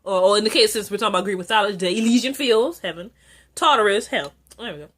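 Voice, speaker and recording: A young woman recapping a TV episode in a casual vlog, chatty and excitable, full of fillers and asides. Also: fast. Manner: chatty and excitable, frequent "like" and filler, jumps high when excited. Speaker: TV episode reviewer.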